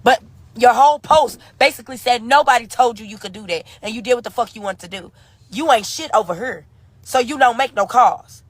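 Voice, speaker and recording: Woman, fierce profane rant, high voice, relentless and repetitive. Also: brisk, no echo. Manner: furious, cursing, repetitive, defiant. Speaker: grieving woman ranting in a live video.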